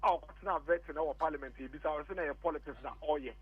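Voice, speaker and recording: A Ghanaian man argues politics over a phone line on a radio show, hammering the same points again and again. His voice sits high and comes through husky. The line is thin and phone-like, with a dry, close sound. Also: fast. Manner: insistent, repeats points, mixes English and Twi. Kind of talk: heated political argument on a phone-in.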